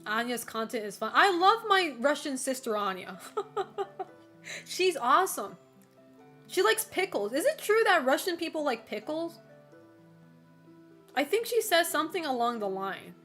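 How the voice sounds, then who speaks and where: A young woman with a somewhat high voice rambles casually on a livestream. She is full of fillers and casual swearing, and she laughs often. Soft music plays faintly behind her. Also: sing-song, measured pace, pauses often. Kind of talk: casual chat while streaming.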